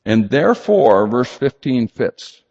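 A man preaching a sermon to a congregation, emphatic and animated, rising high for emphasis and dropping low and quiet. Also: takes it slowly, slightly rough. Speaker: pastor. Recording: lo-fi recording in a reverberant hall.

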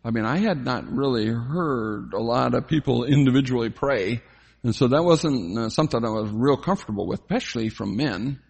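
An older man giving a reflective personal faith testimony, telling his story slowly with frequent pauses and fillers. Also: medium pitch, vocal fry, breathy edge. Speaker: testimony speaker.

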